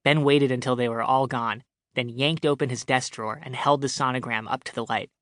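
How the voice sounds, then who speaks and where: A man reads his comic short story aloud in a wry, dry manner. His voice is bright and crisp, at a middle pitch for a man. The studio sound is close and dry. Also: steady tone, brisk, no room sound. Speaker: author and audiobook narrator. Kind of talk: scripted audiobook narration.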